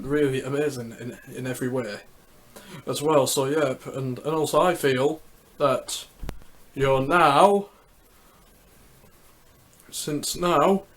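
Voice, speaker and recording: There's a little hiss or hum behind this man's mid-range voice as he ranks the Olympic Games on YouTube. His casual commentary is hesitant, full of repeated words and "so yep" whenever he searches for what to say next.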